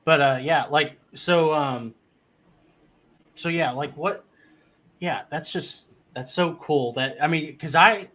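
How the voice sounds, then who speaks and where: A man's voice: fairly high pitch, slow, long pauses, fairly bright tone. A man hosting a casual interview, asking rambling questions full of fillers and restarts. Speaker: show host.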